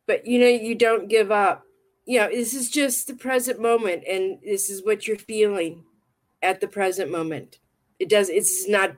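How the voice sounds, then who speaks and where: A woman's voice: mid-range voice, normal speed. A woman hosting a casual livestream chat and reading tarot cards, talking in a rambling, affectionate way and often repeating herself. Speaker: livestream talk show host and tarot reader.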